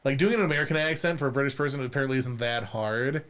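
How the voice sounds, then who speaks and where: A man's voice: medium pitch, quick pace, fairly bright tone. Male podcast co-host, casual and rambling, stumbles over words. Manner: rambling, hesitant, jokes with mock accents. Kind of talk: casual chat.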